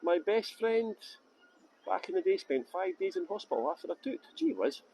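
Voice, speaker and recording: A man's voice: sits high, animated, moderate pace, dark tone, a little hiss or hum, low-quality recording. A man guiding a live walking tour outdoors through city streets. He chats and jokes with viewers while holding a phone. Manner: chatty, jokey, laughs often, answers viewer comments. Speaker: tour guide. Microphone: handheld phone.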